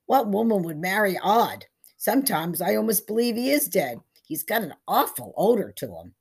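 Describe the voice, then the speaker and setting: A woman's voice: mid-range voice, very animated, normal speed, vocal fry, darkish tone, husky, pitched above the performer's own voice, exaggerated voice. A woman reading aloud, voicing a coarse, mocking farmer. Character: gruff crude farmer man.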